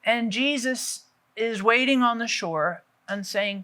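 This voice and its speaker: A middle-aged woman giving a conversational Bible teaching, telling the story lively and acting out the quotes. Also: on the high side, slow pace.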